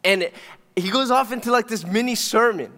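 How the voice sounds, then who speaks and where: A man's voice: sits high, normal speed, slight background noise. Conversational preaching man, echoing church. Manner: conversational storytelling, animated. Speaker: pastor. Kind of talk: sermon. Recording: long hall reverb.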